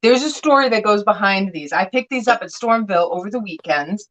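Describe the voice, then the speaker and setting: A woman's voice: medium pitch, expressive, brisk, a bit bright, poor audio. A woman selling vintage glass on a live sale, chatting and telling stories with playful voiced quotes.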